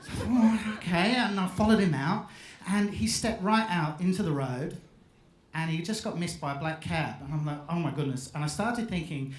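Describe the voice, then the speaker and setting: High-voiced man telling a comic story. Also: lively intonation, moderate pace, slight background noise. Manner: comic storyteller, acts out quotes, playful. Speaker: event speaker. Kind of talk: storytelling talk on stage. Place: live event hall with audience. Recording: echoey live hall recording.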